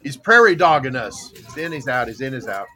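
Lively, bright-voiced older man hosting. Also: mid-range voice, fairly quick. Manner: rambling, chuckling, repeats himself. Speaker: host. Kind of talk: casual morning-show chat.

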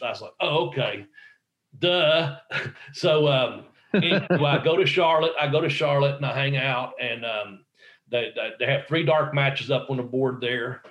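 Heard with a roomy echo, this middle-aged wrestler is a guest in an interview, and his mid-range voice sounds a bit bright at normal speed. His story rambles, peppered with swearing and lines of quoted dialogue.

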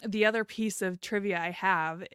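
A woman's voice: medium pitch, moderate pace, clean tone, dry recording, studio quality. A woman co-hosting a casual podcast chat, telling stories with frequent giggles. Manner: giggly, animated storytelling. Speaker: podcast co-host.

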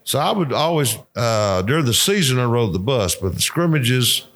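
Older texas guy, gravelly voice, cussing his way through old coaching stories. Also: medium pitch, big pitch swings, normal speed, a bit bright. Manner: profane, laughing anecdotes. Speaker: retired football coach, guest. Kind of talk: casual storytelling.

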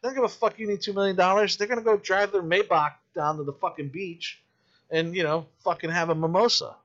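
Profane, animated man on a lo-fi podcast. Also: high voice, brisk. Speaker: independent filmmaker. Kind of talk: casual podcast chat.

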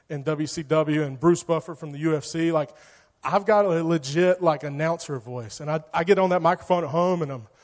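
High-voiced youth pastor. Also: male voice. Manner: casual, joking, lots of "like". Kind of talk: sermon. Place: church hall. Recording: long hall reverb.

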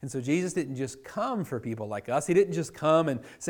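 A man preaching a sermon to his church in a casual, conversational style, dropping to a hush for quoted words. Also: a little high, expressive, a little fast, hardly any pauses. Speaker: pastor.

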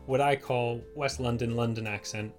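A Californian man with a General American accent, an actor and voiceover artist talking in a lively, casual way, full of "you know" fillers. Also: mid-range voice, normal speed, faint music behind. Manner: animated, chatty, many "you know" fillers. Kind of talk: casual podcast chat.

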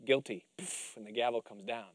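A man's voice: medium pitch, normal speed, no echo, clean studio sound. A male pastor preaching a sermon, telling Bible stories with animation and acting out the scenes. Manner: animated storytelling, acts out scenes.

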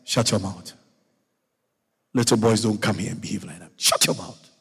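Preacher doing a gruff jealous older brother, deep and husky, booming hall echo. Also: male voice, normal speed, fairly bright tone, exaggerated voice. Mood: angry scolding. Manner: gruff, scolding. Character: resentful older brother, young man.

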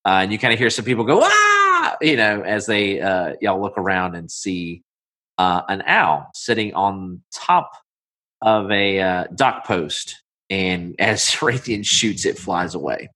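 A man's voice: deep voice, unhurried, pushed and bright. A man narrating a tabletop game as game master, in a casual, rambling way full of fillers.

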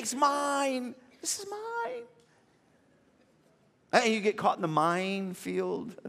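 Pastor, male, high and very expressive voice, comic storyteller, recorded in a reverberant sanctuary. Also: gravelly. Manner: animated, repetitive starts, comic exaggeration. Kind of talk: sermon with personal storytelling. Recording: long reverb of a large hall.

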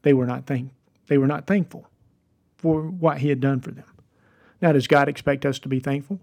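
A man's voice: mid-range voice, steady tone, moderate pace, vocal fry, darkish tone. A man, hosting a devotional podcast and telling a story in an earnest, encouraging way. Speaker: podcast host.

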